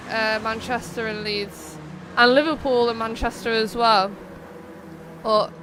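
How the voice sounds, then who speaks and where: A young woman with a fairly high voice hosts a live stream of a racing game, with background noise audible. She chats casually, drifts onto tangents, and reads viewers' messages aloud.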